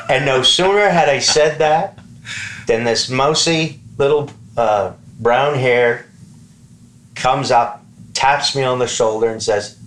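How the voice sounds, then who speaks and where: A man from the East Coast of Canada telling a comic story among friends, swearing freely and acting out the lines of people in the story. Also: medium pitch. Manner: profane, animated, acts out quoted lines. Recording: roomy echo.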